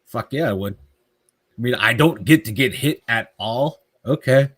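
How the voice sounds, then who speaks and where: A blunt man, co-hosting a casual sports chat. He laughs easily and swears freely, at an ordinary pitch for a man. The recording is dry with no room sound. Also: moderate pace, fairly bright tone, husky, no echo. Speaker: co-host.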